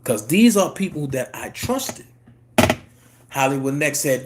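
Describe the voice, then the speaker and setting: A man, telling a personal story in a casual monologue and jumping into high voices to quote people. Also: very animated, measured pace, noisy background. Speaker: YouTube commentator.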